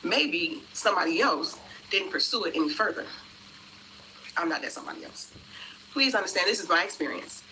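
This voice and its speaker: A woman's voice: fairly low pitch, animated, fairly quick, pauses often, pushed and bright, slight background noise. A woman telling the story of a refund dispute in an indignant way, acting out both sides of the phone call. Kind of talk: storytelling vlog.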